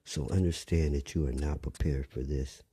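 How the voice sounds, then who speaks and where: An older man delivering a blunt, rambling monologue, often dropping to a rough whisper. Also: very deep voice, fairly even intonation, moderate pace, mellow, no echo. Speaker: commentator. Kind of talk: preachy monologue.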